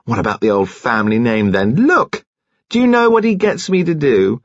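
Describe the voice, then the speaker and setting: A man's voice: mid-range voice, very animated, normal speed, dry recording, highs cut off, voice pushed up. A man reading an audiobook and voicing a bitter, brash young woman who spits out spiteful outbursts.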